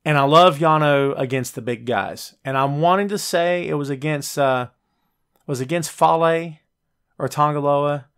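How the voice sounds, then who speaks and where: A man's voice: fairly bright tone, smooth. Chatty male wrestling show host. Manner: chatty, jokey, addresses live viewers directly; puts on quick high voices when quoting wrestlers. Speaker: podcast host. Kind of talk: casual wrestling talk show.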